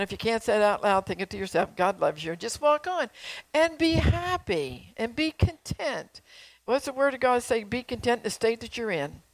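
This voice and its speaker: A woman's voice: a little high, dry recording, low-quality recording. An older woman preaching in a folksy, emphatic way, repeating phrases and asking her listeners questions. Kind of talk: sermon with prophecy.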